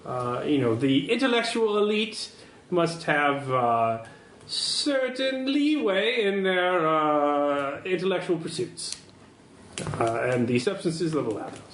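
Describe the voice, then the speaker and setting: A man's voice: fairly high pitch, sing-song, takes it slowly, fairly bright tone, full character voice. A man voicing a decadent, haughty older woman who trades in fashion, talking in an arch, pompous drawl with sneering asides. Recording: roomy, with faint hiss.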